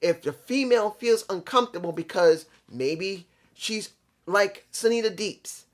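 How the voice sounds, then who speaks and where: A man's voice: high voice, animated, measured pace. A middle-aged man talking earnestly in a casual, rambling monologue, often repeating himself as he explains a point. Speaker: vlog host. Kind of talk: casual monologue on pro wrestling.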